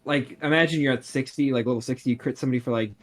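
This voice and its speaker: Male podcast guest, mid-pitched, eager, filler-heavy casual chat. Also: very fast. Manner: filler-heavy, enthusiastic, lots of "like".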